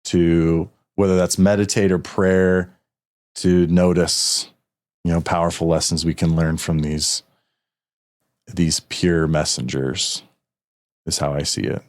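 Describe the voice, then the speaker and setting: Man, podcast host, very low voice, earnest, emotional, casual conversation. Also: little pitch movement, slow pace, pauses often, darkish tone. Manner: earnest, emotional storytelling with many restarts. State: a little emotional.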